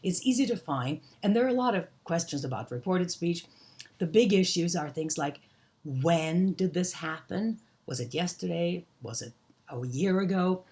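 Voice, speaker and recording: A woman teaching an English grammar lesson, explaining examples slowly and deliberately. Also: on the low side, lively intonation, darkish tone. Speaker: ESL teacher.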